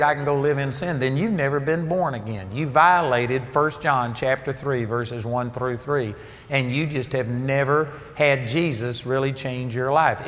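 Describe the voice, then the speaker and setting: A man's voice: fairly high pitch, a bit bright. A man preaching a sermon, emphatic and storytelling, his voice rising for key points. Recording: long reverb of a large hall.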